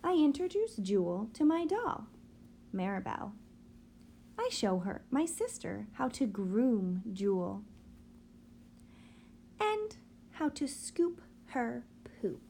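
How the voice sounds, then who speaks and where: A woman reads a picture book aloud to a child, her voice rising and falling in a lively, sing-song way. She sits fairly high in pitch and takes her time over each line. A faint hiss runs underneath the home recording. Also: slow, pauses often. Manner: lively, expressive storytelling with sing-song emphasis.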